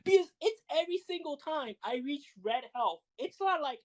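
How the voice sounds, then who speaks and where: A woman co-hosting a podcast, telling fighting-game stories in animated, laughing casual chat with some swearing. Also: high voice, normal speed, hardly any pauses, low-quality recording. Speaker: podcast co-host.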